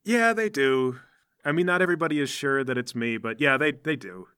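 A man voicing a friendly, down-to-earth male superhero who leads a small team, speaking in a relaxed, reassuring and chatty way. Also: mid-range voice, a little fast, smooth. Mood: easygoing.

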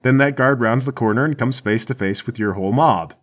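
A man running a tabletop role-playing game as game master, narrating the scene and voicing many characters in quick turns. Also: mid-range voice.

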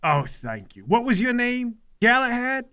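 A man's voice: very high-pitched, big pitch swings, a little slow, bright, forceful tone, clean tone, pitched above the performer's own voice, exaggerated voice. A man voicing a smug, falsely polite male rival mercenary.

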